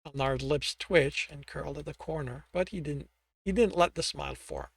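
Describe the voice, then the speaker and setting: Male author reading his book, fairly high voice, restarts and self-corrections, dry recording. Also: moderate pace, creaky, dry recording. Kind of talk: audiobook narration.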